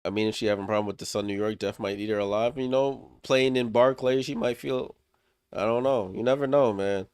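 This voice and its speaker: A man's voice: lowish voice, fairly quick, a little mellow, clear, resonant tone, no echo, clean studio sound. A man hosting a live watchalong, giving casual play-by-play as a fan and getting worked up on big plays. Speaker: watchalong host.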